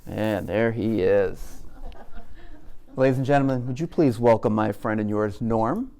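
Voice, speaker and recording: A man's voice: on the low side, measured pace, warm tone. Man, caricature artist, live demonstration talk, chatty and joking, asks the audience questions.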